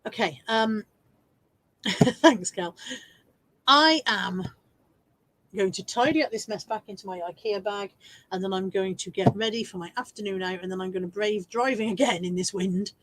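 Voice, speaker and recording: A woman's voice: mid-range voice, normal speed, long pauses, a bit bright, no room sound, low-quality recording. Woman, casual live-stream chat, laughs a lot, self-mocking, at home indoors.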